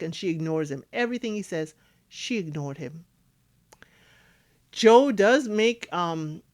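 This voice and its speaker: A woman giving casual recap commentary on a reality dating show, acting out cast members' lines as she talks. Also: medium pitch.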